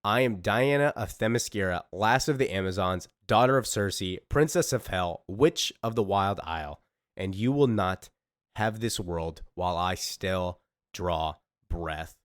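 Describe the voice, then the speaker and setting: A defiant young warrior princess declares herself in a low, dry voice, read by a man. The delivery is intense and proclaiming, close to the mic with no room sound. It sounds like a comic being read aloud. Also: unhurried, no echo.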